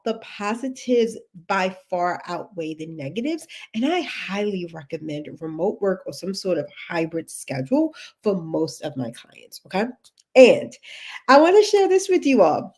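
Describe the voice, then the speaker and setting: A woman's voice: medium pitch, big pitch swings, moderate pace, darkish tone. A woman from Texas with a Texan accent, hosting a casual livestream as a career coach, chatty, laughing often and greeting viewers by name.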